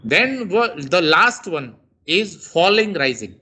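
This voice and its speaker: A man teaches a lesson on intonation, slowly stretching and exaggerating his rises and falls to demonstrate each tone. His voice sits high with big pitch swings, sounding pushed, bright, and slightly rough.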